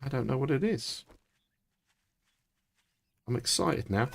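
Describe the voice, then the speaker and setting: A man, chatting excitably and thinking aloud during live gameplay commentary. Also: mid-range voice, slow, creaky. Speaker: streamer.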